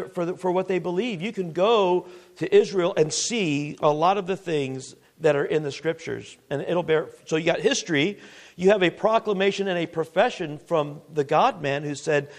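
A man preaching a sermon with emphatic rhetorical questions, who drops to a hushed voice when he reads scripture aloud. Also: high-pitched. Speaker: pastor.

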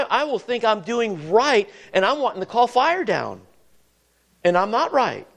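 Man preaching, high voice, restarts and repeats, questions to the congregation. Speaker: pastor. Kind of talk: sermon.

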